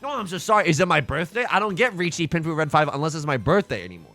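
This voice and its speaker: Excitable young man with lively pitch. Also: very fast, soft background music. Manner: excitable, jokey and self-mocking, with sudden outbursts. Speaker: gaming YouTuber and commentator. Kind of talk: mahjong let's play commentary.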